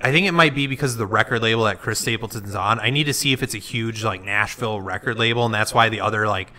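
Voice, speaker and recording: Bright-voiced young man ranting casually. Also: on the low side. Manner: animated, ranting, quick bursts with many fillers. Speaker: podcast host. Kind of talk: casual chat.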